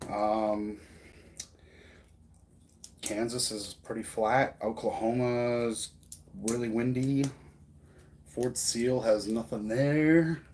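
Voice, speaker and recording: Rambling American male streamer, casual chat, mid pitch, faint noise. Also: a little mellow. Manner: rambling, filler-heavy, chatty. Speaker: streamer host.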